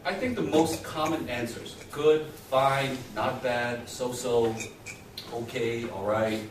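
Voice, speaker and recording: A man teaching a communication skills class, lively and quizzing his listeners as he acts out short exchanges. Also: medium pitch, takes it slowly. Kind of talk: interactive classroom lecture. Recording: very echoey room, mic far off, faint noise.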